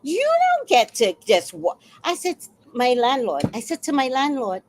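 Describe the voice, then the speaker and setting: A woman in her sixties telling a story on a casual livestream, blunt and fiery, with sudden loud outbursts. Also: on the high side, sing-song, normal speed, slight background noise. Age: 60s.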